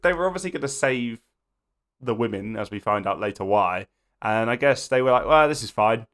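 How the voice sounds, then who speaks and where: A young man co-hosting a casual film podcast, expressive and swearing, laughing often. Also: fairly low pitch, brisk. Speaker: podcast co-host. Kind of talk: casual film review chat.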